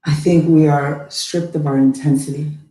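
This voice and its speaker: A woman's voice: sits low, steady tone, normal speed, mellow, distant mic. A middle-aged woman speaking emphatically and encouragingly in a heartfelt conversation. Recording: echoey room, a bit off-mic.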